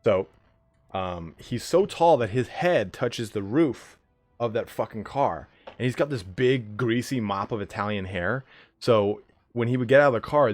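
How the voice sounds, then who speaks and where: A man hosting a live stream, chatting casually with viewers in a joking, profane way. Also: on the low side. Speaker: livestream host of a game league.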